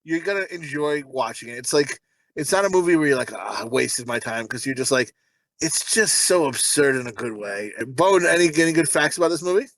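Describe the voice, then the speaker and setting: A boisterous man with a high, lively voice, swearing and laughing as he chats about a movie. His tone is bright and punchy, recorded dry and close. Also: a little fast, no room sound. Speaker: podcast co-host. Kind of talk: casual movie review chat.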